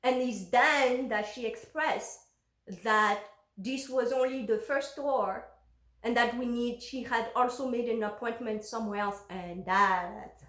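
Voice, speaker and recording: A woman with a high, bright-pitched voice tells a personal story to camera in a candid, unfiltered way. She is frank and emotional and swears freely. The sound carries a roomy echo. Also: measured pace. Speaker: vlogger recounting her own life.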